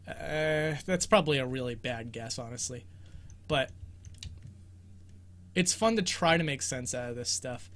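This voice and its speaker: A man's voice: mid-range voice, expressive, a little slow, long pauses, a bit bright. A young man hosting a casual livestream Q&A about a video game, rambling and self-deprecating and laughing often, speaking from his bedroom. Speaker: host of a game exploration show.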